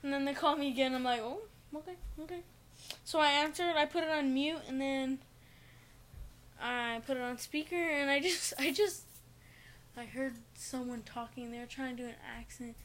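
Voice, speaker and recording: A high-pitched young woman with a bright, clear voice chats on her homemade podcast from her bedroom. She tells stories in a giggly, exasperated way. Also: moderate pace. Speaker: podcast host. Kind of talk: casual home podcast chat.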